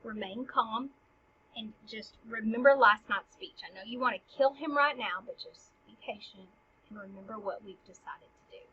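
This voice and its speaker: A woman's voice: fairly high pitch, expressive, brisk, a bit bright, a little hiss or hum. A woman voicing a bossy, scheming king, putting his formal lines into slang, on a dull lo-fi recording.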